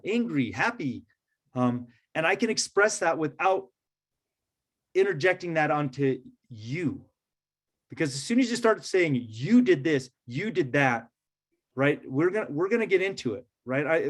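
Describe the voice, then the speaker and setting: A man presents to a room of educators in a loose, conversational way. His voice sits a little on the high side. He keeps checking in with listeners as he goes. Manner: conversational, many fillers and "right?" check-ins. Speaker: trainer leading a teacher workshop.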